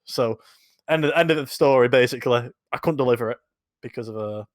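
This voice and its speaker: A young man co-hosting a podcast, telling sweary anecdotes in a casual, animated way. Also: mid-range voice, fairly quick, no echo, studio quality. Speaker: podcast co-host. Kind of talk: casual storytelling chat.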